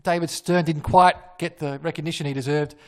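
A man co-hosting a casual sports podcast, jokey and teasing, quick to laugh. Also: on the high side, steady tone. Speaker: podcast co-host.

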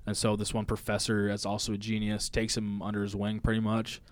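A man's voice: fairly low pitch, completely flat delivery, fairly quick, no room sound. A man co-hosting a casual podcast, talking bluntly and swearing freely. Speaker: podcast co-host. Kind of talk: casual chat.

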